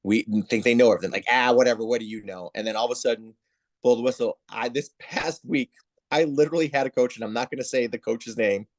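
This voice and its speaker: Male guest, volleyball referee chief, lively storyteller, mid-pitch voice. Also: quick pace. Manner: animated storyteller, acts out quoted voices. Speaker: head of volleyball officials, guest. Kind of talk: casual interview chat.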